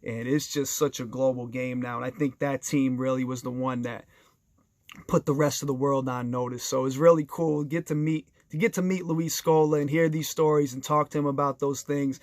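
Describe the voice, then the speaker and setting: A man's voice: medium pitch, steady tone, moderate pace, no echo, clean studio sound. A man telling casual stories in an enthusiastic, conversational way, speaking straight to his listeners and briefly acting out quoted voices. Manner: briefly acts out other people's voices in quoted dialogue. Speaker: storyteller sharing basketball anecdotes. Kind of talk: casual storytelling monologue.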